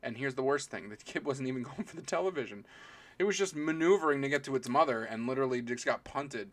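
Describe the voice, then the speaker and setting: A man's voice: mid-range voice, animated, fast. A man live-streaming as he opens trading card packs, chatting casually and naming each card as it comes out. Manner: chatty, rambling, calls out each card as it is pulled; talks to viewers and people in the room.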